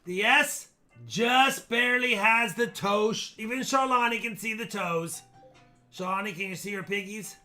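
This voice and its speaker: A man hosting a live coin auction stream, chatty and excitable, joking as he shows coins. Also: sits high, moderate pace, faint music behind. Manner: chatty, excitable, jokes while showing coins. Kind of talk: casual live auction chat.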